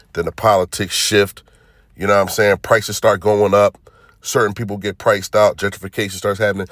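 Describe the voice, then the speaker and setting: A man's voice: low voice, dry recording, clean studio sound. A man hosting his channel, chatting casually in a reaction video, full of fillers and rhetorical asides. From Philadelphia. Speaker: channel host.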